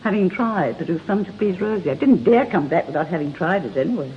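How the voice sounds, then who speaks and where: An older Englishwoman appears as a talk show guest, speaking fast and animatedly in a fairly low voice. She tells chatty stories and laughs often, heard through a dull lo-fi broadcast with faint hiss.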